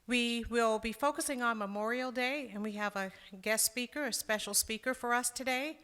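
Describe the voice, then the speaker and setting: A woman's voice: fairly high pitch, normal speed, sharp tone, smooth. Woman announcing a meeting program. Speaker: meeting leader. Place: club meeting hall. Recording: echoey hall.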